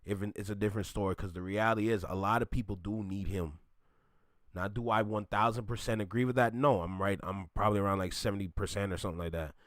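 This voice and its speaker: A man's voice: lowish voice, steady tone, fast talker, fairly bright tone, no echo, studio quality. A man from Canada hosting a reaction video, ranting bluntly in casual commentary and laughing often.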